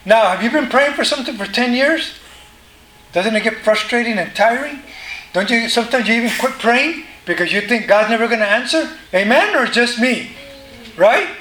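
Teaching from the pulpit in a church hall, this pastor keeps his sermon casual and keeps asking the congregation questions. His very high voice is animated, bright and forceful at a moderate pace, recorded with roomy hall acoustics and a little faint noise.

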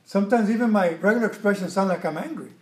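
A man preaching with a high-pitched, expressive delivery, swinging between soft asides and loud acted-out outbursts. His voice carries through a noticeably echoey room. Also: fast talker, slight background noise. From Mexican background. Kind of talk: sermon.

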